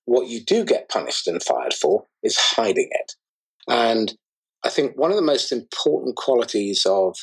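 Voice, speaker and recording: A man with a low, husky voice interviews a guest. He asks questions with curiosity and enthusiasm. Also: poor audio. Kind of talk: casual conversation.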